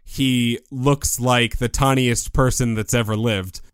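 A man's voice: mid-range voice, fairly even intonation, slow, clean tone, no room sound, studio quality. A man co-hosting a podcast, chatting casually about a film and acting out quotes with quips. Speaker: podcast co-host. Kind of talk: casual movie review chat.

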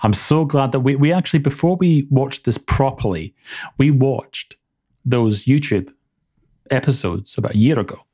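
A man co-hosting a podcast in casual chat, enthusiastic and quick to laugh, often restarting his sentences. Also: medium pitch, warm tone. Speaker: podcast co-host.

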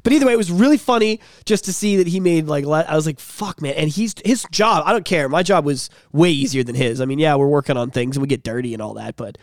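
Fast, animated, high-voiced man. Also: dry recording, clean studio sound. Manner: profane, animated storyteller who acts out quoted voices. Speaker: podcast co-host. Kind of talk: casual chat.

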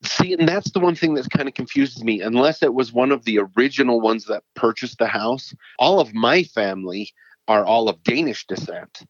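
A man's voice: medium pitch, normal speed, dry recording. A middle-aged man from Utah, a paranormal author, telling his stories in a casual, earnest and rambling way as an interview guest. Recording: dull lo-fi dry sound.

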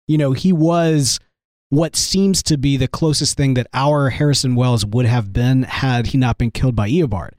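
A man's voice: medium pitch, a little mellow, no echo, clean studio sound. A man hosting a live fan podcast about a TV show, chatting enthusiastically with a weak, strained voice from illness. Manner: enthusiastic, rambling. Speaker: podcast host. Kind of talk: casual fan discussion.

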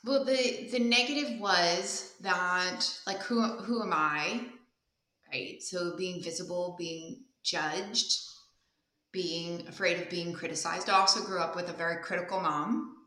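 Animated woman guest, bright and echoey. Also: on the low side, a little slow. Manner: candid, animated when retelling, laughs often. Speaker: guest speaker and coach. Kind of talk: casual interview storytelling.

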